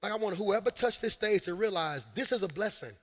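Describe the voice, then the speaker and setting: High-voiced energetic preacher. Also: male voice, brisk. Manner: energetic preaching with shouted peaks and call-and-response asides. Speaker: senior pastor. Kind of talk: live sermon. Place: large church hall. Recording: live hall with long reverb.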